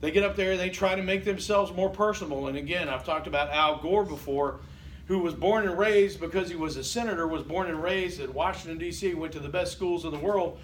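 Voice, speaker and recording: An older man teaches a college class in a loose, conversational lecture, pausing to ask "Okay?" and to question his students. His voice sits high for a man. He is picked up from a distance in an echoey classroom with a faint hiss behind him. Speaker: college instructor.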